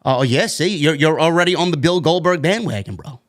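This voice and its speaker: Hyped, swearing high-voiced man from New York. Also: a little fast, fairly bright tone. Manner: hyped, profane, repeats "man" constantly. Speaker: wrestling show reviewer and host. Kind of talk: livestream wrestling podcast chat. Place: home basement.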